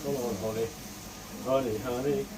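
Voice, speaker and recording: A man's voice: mid-range voice, fairly even intonation, normal speed. Man chatting while he cooks. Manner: chatty, mutters to himself while cooking. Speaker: home cook vlogger. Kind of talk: casual cooking commentary. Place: home kitchen. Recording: noisy background ambience.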